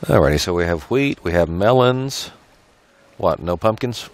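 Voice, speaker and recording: A man's voice: sits low, expressive, a little slow. A man hosting a casual game tour, asking easygoing questions and chuckling along. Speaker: video host.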